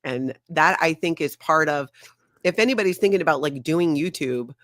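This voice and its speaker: Excitable former radio woman, casual livestream chat, lively and projecting, dry close desk mic. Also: deep voice, normal speed, no echo. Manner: excitable, animated, laughs often. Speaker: guest co-host. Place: home office.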